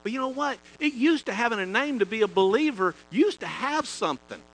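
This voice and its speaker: Guy preaching, lively and folksy, bright forceful voice, goes loud then drops low. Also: fairly quick, poor audio. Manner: animated, swings between loud emphasis and low asides; chatty, folksy, repeats and restarts phrases. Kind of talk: sermon with personal stories.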